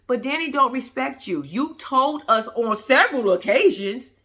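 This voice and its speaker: A woman's voice: high voice, animated, moderate pace, bright, forceful tone. A woman giving blunt, profane, casual reaction commentary to her viewers. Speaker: reaction vlogger.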